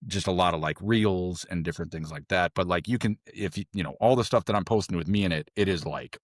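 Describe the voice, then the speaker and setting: A middle-aged man on a podcast, telling a long story in a rambling, animated way, full of fillers and restarts, and jumping into a high voice when he quotes others. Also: quick pace, hardly any pauses, no echo, studio quality. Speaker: podcast guest, former SEAL trainee. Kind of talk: casual storytelling interview.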